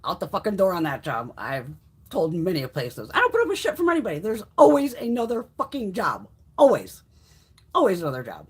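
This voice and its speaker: A woman's voice: on the low side, huge pitch swings, fairly quick, husky. A middle-aged woman hosting a beauty livestream, telling stories in a blunt, profane, casual way. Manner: profane, blunt storytelling with frequent swearing and laughs.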